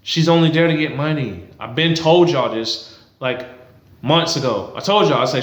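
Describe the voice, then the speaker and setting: Man, heated blunt rant, high-ish voice, roomy echo. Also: moderate pace. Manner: heated, blunt, profane, repetitive. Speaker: political commentary vlogger. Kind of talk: ranting to camera.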